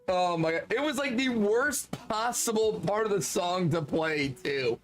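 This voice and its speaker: A man streaming, telling casual anecdotes in an animated way, laughing often and swearing freely. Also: high voice, takes it slowly, soft background music. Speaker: streamer reading chat.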